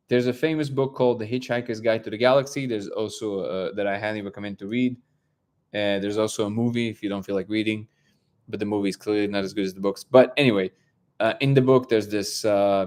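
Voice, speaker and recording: A man's voice: on the low side, fast, a little mellow. A man hosts a casual live stream and tells stories at length. He rambles, stops to restart his sentences, and puts on the lines of his story's figures as he goes. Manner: rambling storyteller, acts out dialogue. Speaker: livestream host.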